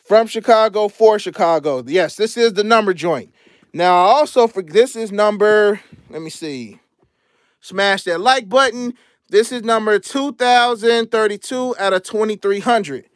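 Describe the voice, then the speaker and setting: Young male streamer, high voice, dry close mic, relaxed slangy delivery, thanks donors as he goes. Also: measured pace, no room sound. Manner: laid-back slangy chatter, shouting out donors. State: out of breath. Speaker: sneaker channel host. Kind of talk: casual livestream show-and-tell.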